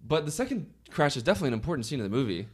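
A man co-hosting a podcast, talking about films in casual chat, blunt and sarcastic, quick to push back. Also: mid-range voice, big pitch swings, husky. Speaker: podcast co-host. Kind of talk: casual film discussion.

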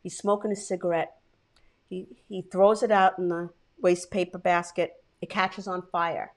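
A woman's voice: lowish voice, flat delivery, moderate pace. A woman co-hosting a podcast, telling a story casually with swearing and feeling. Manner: profane, heartfelt storytelling. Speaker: podcast co-host. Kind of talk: casual chat.

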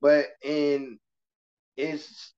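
A man with a slightly high voice talks casually as a guest and tells classroom stories, slipping into voices as he goes. The audio sounds dull and muffled, like a lo-fi podcast recording. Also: drawn-out words. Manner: animated storytelling, slips into voices of kids and adults. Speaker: kindergarten teacher, guest. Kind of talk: casual interview conversation.

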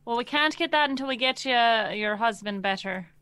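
A woman's voice: a little high, normal speed, pushed and bright, clear, resonant tone, no echo. A woman voicing a folksy, bawdy married man who stammers and restarts often.

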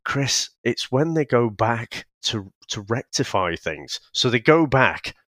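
A man's voice: mid-range voice, very animated, slow pace, a bit bright, no echo, clean studio sound. A man co-hosting a podcast, swearing, laughing often and restarting his sentences as he chats casually about a film. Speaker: podcast co-host reviewing films. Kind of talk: casual film review chat.

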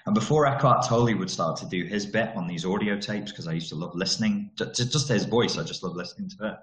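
A man's voice: fairly low pitch, fast. Blunt, sweary man ranting. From Merseyside, England. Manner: sweary, blunt, sarcastic, drops into mocking voices. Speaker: vlogger. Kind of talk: ranting monologue. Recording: roomy echo.

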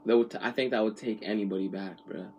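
A man with a lowish voice talks in a loose, rambling way on a podcast. He swears freely, drops slang and restarts his sentences often. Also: steady tone, quick pace, a little mellow, slight background noise. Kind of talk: casual chat.

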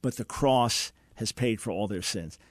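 A man's voice: lowish voice, measured pace, no echo, studio quality. A man hosting a radio call-in show, earnestly explaining and answering a caller's question, sometimes acting out quoted dialogue.

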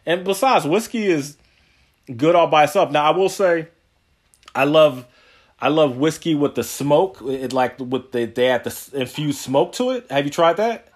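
A man hosts a podcast in loose, easygoing conversation. His voice sits a little high for a man, and he rambles through stories, laughing often. He drops slangy asides along the way. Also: animated, moderate pace, husky. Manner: slangy, says yo and man a lot. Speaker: podcast host. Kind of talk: casual chat.

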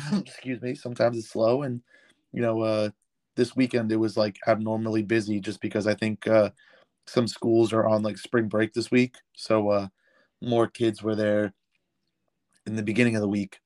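A man co-hosting a podcast over a remote call, his voice still a little hoarse from a cold, talking in a loose, hesitant way with many fillers. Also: fairly low pitch, level tone, normal speed, long pauses, a little mellow, dry recording. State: slightly hoarse, recovering from a cold. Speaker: podcast co-host. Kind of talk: casual chat.

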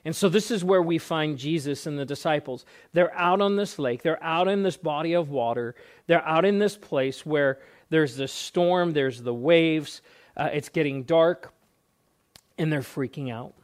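Guy preaching a sermon, earnest and a bit high-voiced, keeps repeating words and drawing lines out. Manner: earnest, with frequent word repeats and drawn-out emphatic phrases. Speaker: pastor.

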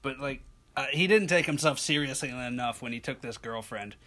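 A man's voice: medium pitch, moderate pace. A young man telling a long story in casual chat, often acting out the people in it. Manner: animated, slips into impressions of friends.

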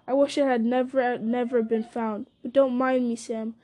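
A woman's voice: on the high side, level tone, dark tone, lightly acted. Frodo, a woman reading as a weary anguished hobbit. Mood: remorseful. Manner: anguished, halting. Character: weary frightened young male hobbit.

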